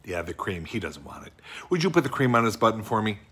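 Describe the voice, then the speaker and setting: Man doing a bumbling sweet office guy, rambling, fretful, bright forceful tone. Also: fairly low pitch, sing-song, fast, husky, exaggerated voice. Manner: rambling, fretful, easily choked up. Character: bumbling, sweet middle-aged male office worker. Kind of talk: improvised comic monologue to an unseen wife.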